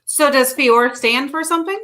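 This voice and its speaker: A woman hosting a casual interview, encouraging her guest with quick affirmations. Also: high-pitched, sharp tone. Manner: encouraging, frequent brief affirmations. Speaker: interview host.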